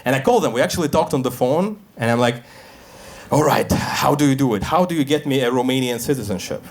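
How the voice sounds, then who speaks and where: A man doing a stand-up set in a comedy club, deadpan and self-deprecating, acting out the voices he quotes. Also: medium pitch, fast talker. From Russia. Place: comedy club stage with a live audience. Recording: live club recording with crowd laughter. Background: audience laughter.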